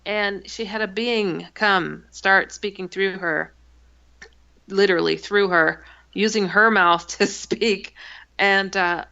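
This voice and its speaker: Gravelly bright woman telling a story. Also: mid-range voice, slow. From Milwaukee, USA. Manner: animated, acts out quotes, laughs mid-sentence. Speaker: guest author and researcher. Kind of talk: storytelling on a radio talk show. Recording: dull, dry lo-fi sound.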